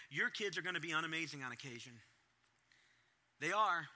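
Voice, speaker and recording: A middle-aged pastor delivers a sermon to parents in a high, lively voice that jumps up and down as he acts out his own reactions. He speaks fairly quickly, with a bright, forceful tone that rarely settles.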